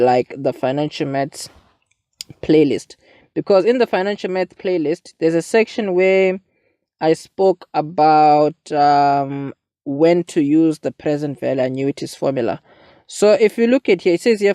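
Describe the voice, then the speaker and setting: A man's voice: a little high, mellow, dry recording, studio quality. A young man, talking casually through a maths exam paper as a tutor and often asking "you see". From South Africa. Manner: chatty, asks listeners "you see".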